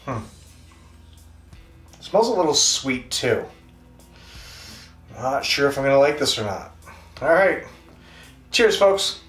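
A man's voice: medium pitch, big pitch swings, slow, pauses often, a bit bright. A man with a Canadian accent hosting a casual beer review, talking in a chatty, rambling, self-deprecating way. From Western Canada. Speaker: beer reviewer, show host. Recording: echoey room, distant mic, faint music.

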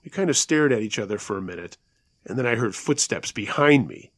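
A man's voice: fairly low pitch, expressive, dry recording. Man narrating a scary story. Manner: conversational telling, slows down at tense moments. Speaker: storyteller, show host.

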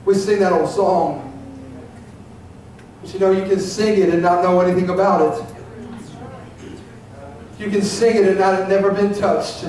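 A man's voice: high voice, fairly even intonation, normal speed, pauses often, a little mellow, slight background noise. A man preaching an impassioned, emotional sermon as pastor of a church, captured from a distance in the sanctuary. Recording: echoey church recording from far off.

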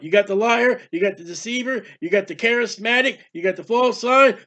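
A man's voice: very high-pitched, moderate pace, sharp tone. A man preaching a Bible teaching with fervent delivery, firing off rhetorical questions and declaiming scripture. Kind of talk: sermon-style Bible teaching.

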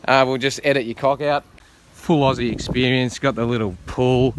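A man's voice: medium pitch, moderate pace, slight background noise. Jokey, crude man vlogging outdoors. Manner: jokey, crude, laughs often, excitable. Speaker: vlogger host. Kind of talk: casual vlog chat. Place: backyard outdoors.

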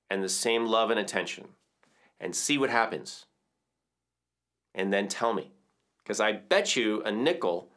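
A man with a fairly low voice talks through a reflective lesson. His delivery is gentle and conversational, and he keeps checking in with the listener as he teaches. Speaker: music educator and podcast host.

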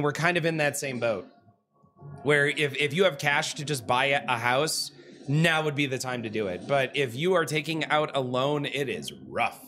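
A man hosting a casual livestream, reading viewer comments aloud, chatty and self-deprecating and quick to laugh. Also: on the high side, pushed and bright. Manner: laughs easily. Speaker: livestream host. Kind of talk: casual stream chat.

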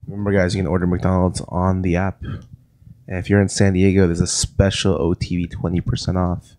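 Playful guy ribbing his friends on a podcast, lowish voice. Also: little pitch movement, moderate pace, a little mellow, no room sound. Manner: teasing, playful. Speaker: podcast co-host. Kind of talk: casual chat.

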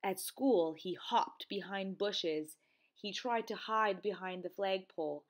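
A woman teacher reading a children's storybook aloud, in an expressive, sing-song way. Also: medium pitch, slow.

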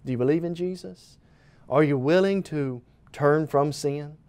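A man's voice: on the high side, measured pace, a little mellow. A man preaching a televised gospel sermon, speaking earnestly and directly to the viewer as "friend", building emphatic repeated phrases. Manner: emphatic repeated phrases, occasional stumbles on words.

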